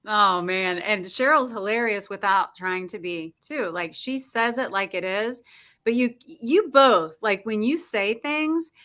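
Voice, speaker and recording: Bubbly bright-voiced woman host. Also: mid-range voice, a little slow. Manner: bubbly, laughs often. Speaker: show host. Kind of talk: casual interview chat.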